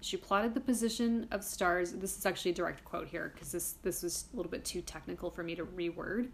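A woman's voice: lowish voice, fairly even intonation, fairly quick, gravelly, a little hiss or hum. A woman hosting a casual history podcast, chatty and irreverent, swearing casually while reading from her notes. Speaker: podcast host.

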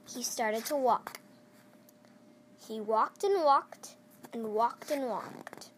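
A child reading a picture book aloud, slowly and with small stumbles and restarts. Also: mid-range voice, a little hiss or hum. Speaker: storyteller.

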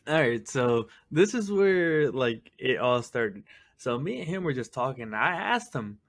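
Laughing guy telling a story. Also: mid-range voice. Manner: laughing storyteller, acts out quotes. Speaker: podcast guest, friend of host. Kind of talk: casual chat.

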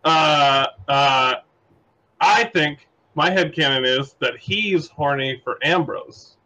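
A man's voice: on the high side, slow, sharp tone, rough recording. A man who is a guest on a podcast, joking loosely and chuckling as he talks about a movie. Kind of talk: casual movie review chat.

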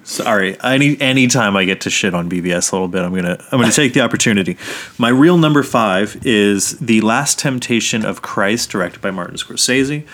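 Animated low-voiced man telling stories. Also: fairly quick. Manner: animated storytelling, swears freely, acts out quotes. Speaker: podcast co-host. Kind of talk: casual podcast chat.

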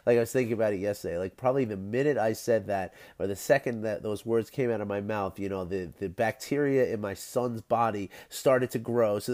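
Casual male podcast host, low mellow voice, nasal and scratchy from a cold, rambling delivery full of fillers. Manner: rambling, many fillers and repeated words, frequent light laughs. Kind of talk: casual solo podcast talk.

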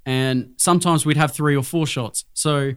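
A man's voice: fairly high pitch, fairly even intonation, moderate pace, smooth, no echo, studio quality. A young Australian man co-hosting a casual podcast chat, telling rambling stories with lots of swearing and restarts. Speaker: podcast co-host.

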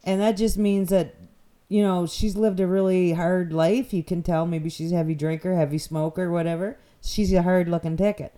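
This is a woman radio host from New Brunswick in a casual interview. She talks in a warm-toned, mellow voice that sits a little low. She rambles, loses her train of thought, and laughs often. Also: little pitch movement, moderate pace. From New Brunswick, Canada. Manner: chatty, rambling, laughs easily.

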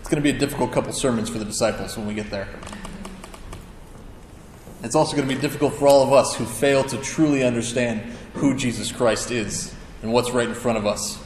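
Pastor telling a story in an echoing hall. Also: male voice, medium pitch, a little fast, slight background noise. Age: adult with a child. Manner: conversational storytelling with self-deprecating humor. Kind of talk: sermon. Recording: echoey hall with long reverb.

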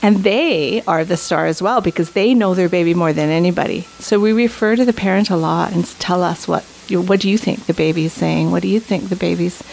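A woman's voice: fairly low pitch, brisk, creaky, few pauses, darkish tone, a little hiss or hum, poor audio. A woman instructor for a children's empathy program, answering interview questions with enthusiasm and often tagging her points with "right?". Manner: enthusiastic, frequent "right?" tags. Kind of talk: interview guest.

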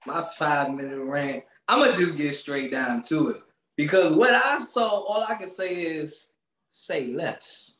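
A man co-hosting a podcast, ranting loudly with swearing and frequent laughter, speaking. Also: on the high side, moderate pace, reverberant. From Maryland, USA. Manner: loud, animated, swearing, laughing often. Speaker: podcast co-host. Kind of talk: casual comedic rant.

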